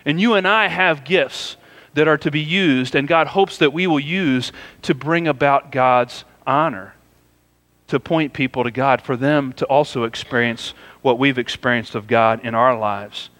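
A man's voice: mid-range voice, unhurried, a bit bright, long reverb tail. A man preaching a sermon in a conversational, storytelling way, often saying "you know" as he goes. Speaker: pastor.

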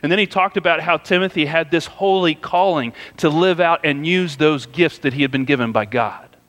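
A man's voice: a little high, moderate pace, a bit bright, big-room sound. A man preaching a sermon in a conversational, storytelling way, often saying "you know" as he goes. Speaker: pastor.

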